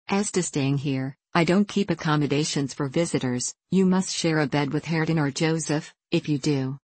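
A woman reading an audiobook and voicing a stern, gruff middle-aged male landowner who speaks slowly and coldly. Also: deep voice, darkish tone, no echo. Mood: curt.

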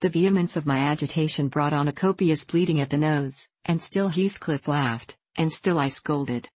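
A woman with a low voice narrates classic fiction in a measured, expressive way. The recording is close and dry, with no room sound. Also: no echo. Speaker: audiobook narrator. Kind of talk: scripted narration.

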